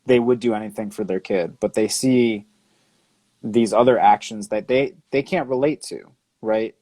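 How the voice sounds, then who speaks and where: A man with a fairly low voice speaks in a measured, thoughtful way, pausing and restarting as he works through his point. The sound is dry and close, with little room around it. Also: warm tone, dry recording, poor audio. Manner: measured, reflective, hesitant restarts. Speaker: podcast co-host. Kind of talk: casual discussion.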